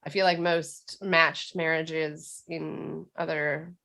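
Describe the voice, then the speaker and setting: Low, gravelly-voiced woman podcast co-host. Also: slow. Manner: animated retelling, acts out characters' lines with laughs. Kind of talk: casual chat recapping a TV episode.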